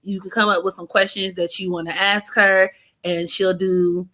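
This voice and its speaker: A woman hosting a casual livestream, greeting chat viewers and reading astrology charts in an animated way. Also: medium pitch, normal speed. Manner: animated, greets chat by name, breaks into singing. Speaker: livestream host and astrology reader.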